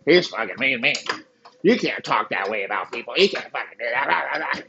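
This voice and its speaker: A man doing a low, whiny offended listener. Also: expressive, moderate pace, creaky, background noise. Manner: low sulky whining. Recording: dull lo-fi sound.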